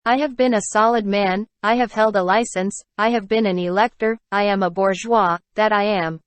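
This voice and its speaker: A woman's voice: medium pitch, fairly even intonation, normal speed, no room sound, lightly acted. A woman voicing a ferocious, starving male innkeeper who rants with scorn, in a storybook reading. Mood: bitter ranting. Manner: ranting, scornful.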